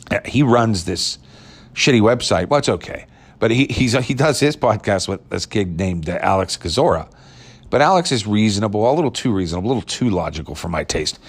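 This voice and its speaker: A man with a lowish voice rants in casual talk. He is profane and mocking, rambling from one complaint to the next with plain exasperation. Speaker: sports fan ranting. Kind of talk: casual rant.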